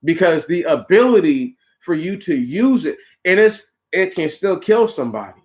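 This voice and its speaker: A man's voice: high voice, big pitch swings, normal speed, darkish tone. A man hosting a talk show, delivering a preachy, conversational monologue straight to his listeners with slang asides. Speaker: podcast host.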